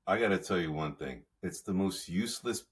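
A man's voice: low-pitched, expressive, brisk, breathy edge. A man co-hosting a sports podcast, talking casually in a rambling, conversational way. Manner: rambling, conversational, lots of fillers. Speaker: podcast co-host.

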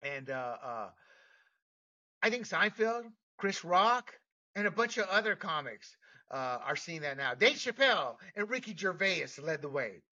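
A high, very bright man rants bluntly, laughing between points and stumbling over restarts. He sits back from the mic. The sound is muffled. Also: sing-song, measured pace, far from the mic. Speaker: podcast host. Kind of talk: opinionated commentary.

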